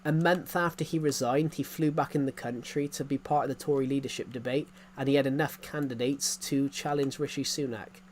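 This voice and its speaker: Male game streamer, mid-pitched, rambly and repeating himself, light hiss under the voice. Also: fairly even intonation, a little fast, hardly any pauses, darkish tone. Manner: rambling, repeats phrases, frequent chuckles. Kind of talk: casual live-stream chatter.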